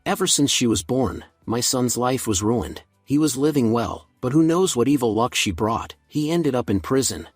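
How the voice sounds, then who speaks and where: A man gives a spiteful old grandmother in a storybook recap. The voice is husky and dry, and the lines are read plainly. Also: mid-range voice, animated, normal speed, few pauses, no echo, soft background music.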